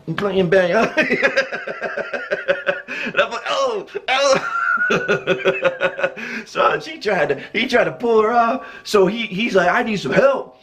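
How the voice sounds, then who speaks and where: A man with a rather high voice tells a personal story in a relaxed, casual way. He is animated and jokey and keeps breaking into chuckles as he talks. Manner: chuckles often while telling.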